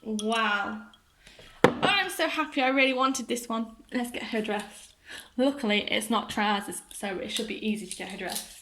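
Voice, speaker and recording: A woman's voice: on the high side, normal speed, background noise. A woman narrating a toy unboxing in a casual way, gushing and enthusiastic as she talks to viewers.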